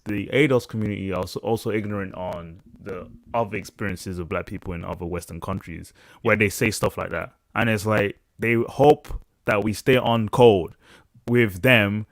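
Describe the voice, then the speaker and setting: UK man hosting a podcast panel, low voice, dry close headset sound, animated with restarts. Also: moderate pace, no echo. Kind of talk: casual panel discussion. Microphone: headset over video call.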